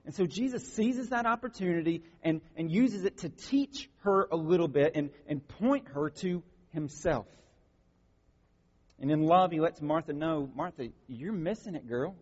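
A man's voice: a little high, unhurried, darkish tone. A man preaching a sermon in a conversational way, often checking in with his listeners. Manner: conversational preaching with frequent check-ins like "right?" and "okay?". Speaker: pastor. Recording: dull lo-fi sound with long hall reverb.

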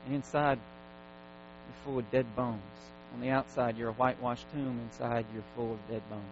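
A man's voice: mid-range voice, flat delivery, moderate pace. A man preaching a sermon in a church service, stacking emphatic repeated commands. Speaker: pastor. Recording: dull lo-fi sound with faint mains hum.

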